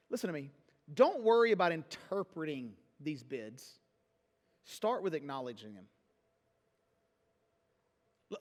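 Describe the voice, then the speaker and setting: A man's voice: high voice, big-room sound. A man preaching a sermon as pastor, talking casually and joking with the congregation. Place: church hall.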